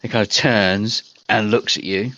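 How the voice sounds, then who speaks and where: A man's voice: fairly low pitch, fairly even intonation, unhurried, pushed and bright, no echo, lo-fi sound. A man narrating as game master over online voice chat, describing scenes in a rambling, hesitant way.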